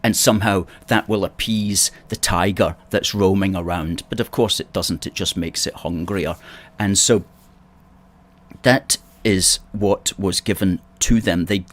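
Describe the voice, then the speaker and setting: Deep-voiced Scottish man from Ayrshire. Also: steady tone, measured pace, fairly bright tone. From Scotland, Ayrshire. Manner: chatty, reads out viewer comments, wry asides. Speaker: host of a political livestream. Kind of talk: casual livestream chat reading viewer comments.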